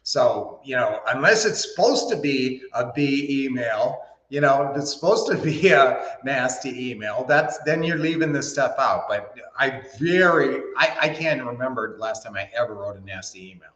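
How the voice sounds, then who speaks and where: A man's voice: medium pitch, animated, normal speed, few pauses, a bit bright. A man hosts a casual livestream and gives business advice in a folksy, meandering way. He backs up often and fills gaps with "uh" and "you know." His voice carries room echo, and the recording sounds muffled and lo-fi. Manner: folksy, rambling, with many fillers and restarts. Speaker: host. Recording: roomy, dull lo-fi sound.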